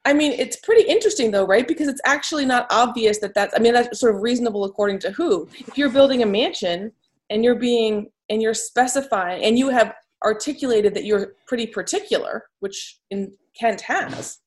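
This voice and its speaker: A woman's voice: on the high side, a little fast. A woman from Maine with a Maine accent, co-hosting a casual law podcast in a wry, questioning way.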